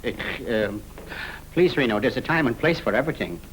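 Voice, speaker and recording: A wisecracking con man in a clergyman's disguise, played by a man, talks in slangy patter full of "uh"s and stammers. His voice jumps up and down lively in a middle register, with a faint hiss behind it. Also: mid-range voice, a little fast, close to an everyday voice, rough recording. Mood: scheming, jokey. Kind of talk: 1930s screwball film comedy.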